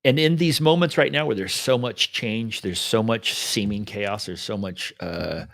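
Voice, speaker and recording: A man's voice: lowish voice, a little slow, gravelly, a bit bright, no room sound, clean studio sound. A man co-hosting a podcast, talking in a laid-back, reflective way and retelling a parable with voiced asides. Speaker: podcast co-host. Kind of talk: casual reflective chat.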